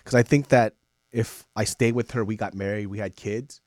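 A man's voice: fairly low pitch, no room sound, clean studio sound. A man co-hosting a podcast, telling stories in a casual chat and often checking in with "right?". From small town. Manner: fast, animated storytelling with rhetorical "right?". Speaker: podcast co-host.

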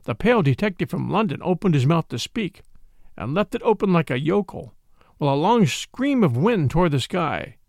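Man narrating, gravelly and lively. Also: a little high, normal speed, dry recording, clean studio sound. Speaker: audiobook narrator. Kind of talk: dramatic audiobook reading.

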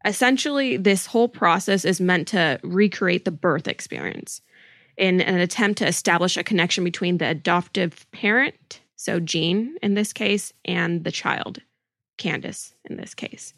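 An earnest woman hosts a true-crime podcast and lays out each point with deliberate emphasis. Her voice has a gravelly texture. The recording is close and dry. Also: on the low side, fairly bright tone, no echo. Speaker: podcast host.

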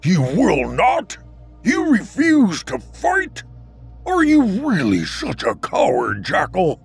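A man voicing a taunting, furious male shadow jackal creature that snarls and shouts taunts. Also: high voice, huge pitch swings, takes it slowly, vocal fry, husky, faint music behind, pitched above the performer's own voice, exaggerated voice.

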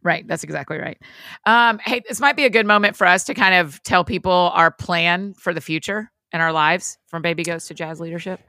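A woman hosting a podcast in relaxed, chatty conversation, laughing easily as she talks. Her voice is bright and a bit gravelly, sitting low for a woman. The sound is dry and close, with almost no room. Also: normal speed, dry recording. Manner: laughs often, chatty and warm-humored. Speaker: podcast host. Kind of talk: casual chat.

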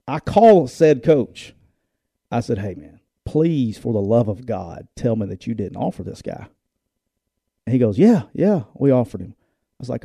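A man's voice: medium pitch, creaky, no echo, studio quality. A middle-aged man, a former football coach, co-hosting a casual show and telling stories, acting out the people he quotes. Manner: animated, acts out quoted voices, laughs while telling stories. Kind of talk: casual storytelling chat.

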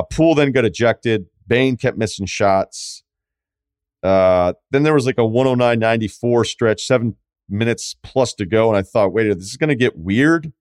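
A man hosting a sports podcast, talking solo in an opinionated, animated way with quick asides and mocking quotes. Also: on the low side, no echo, studio quality. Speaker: podcast host. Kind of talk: solo sports talk monologue.

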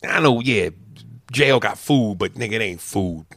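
A man telling a story as a heated, profane rant, swinging between loud outbursts and low muttered asides. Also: animated, normal speed, no room sound, studio quality.

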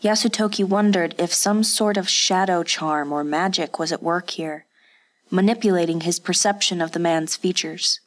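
A woman reading an audiobook in steady, scripted narration. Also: on the low side, moderate pace.

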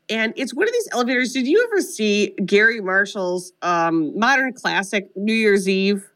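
A woman co-hosting a podcast, retelling a film plot in a casual comedic way, animated and profane with lots of "like". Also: medium pitch, unhurried. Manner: animated, profane storytelling full of "like". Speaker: podcast co-host.

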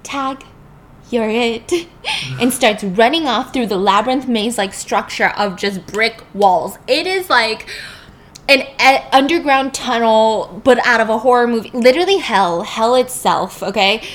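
A woman host casually retelling a film plot, animated and emphatic. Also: fairly high pitch, normal speed. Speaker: podcast host. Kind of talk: casual film recap storytelling.

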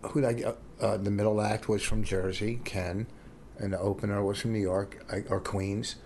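A man's voice: on the low side, level tone, normal speed, a little mellow, a little hiss or hum. A man comedian co-hosting a podcast, chatting casually in a rambling, self-interrupting way. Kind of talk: casual chat.

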